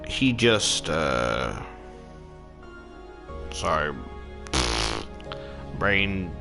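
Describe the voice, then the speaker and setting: A man casually recapping a horror book in a halting, rambling way, swearing now and then. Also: deep voice, big pitch swings, over music. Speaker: reader summarizing a horror book.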